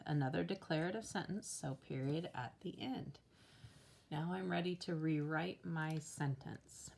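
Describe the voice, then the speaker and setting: A woman's voice: sits low, a little slow, gravelly. A woman teacher patiently walking children through a worksheet step by step, counting aloud as she writes. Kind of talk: slow worksheet walkthrough for children.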